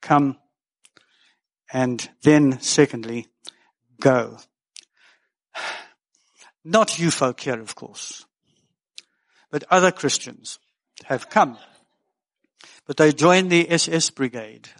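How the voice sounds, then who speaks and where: A man's voice: on the high side, slow pace, long pauses. An older man preaching a sermon as pastor, folksy and earnest with joking asides.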